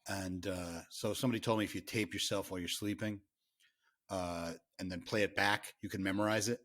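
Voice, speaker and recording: A middle-aged man from Massachusetts co-hosting a podcast, chatting in a relaxed, meandering way with many pauses. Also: sits low. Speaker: podcast co-host. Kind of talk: casual chat over beer tasting.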